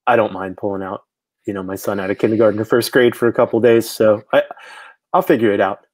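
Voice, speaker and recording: A man's voice: on the low side, steady tone, fast talker, a little mellow, dry recording. A man in his thirties co-hosting a podcast, talking casually and hesitantly, with many filler words. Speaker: podcast co-host. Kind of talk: casual news chat.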